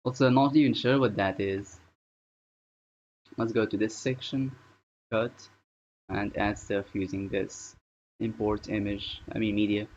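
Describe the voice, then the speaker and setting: Rambling low-voiced man streaming. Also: fairly even intonation, a little slow, pauses often, darkish tone. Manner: rambling, thinking aloud while working. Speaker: live streamer. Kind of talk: casual live-stream chatter. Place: at home. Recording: dull lo-fi stream audio.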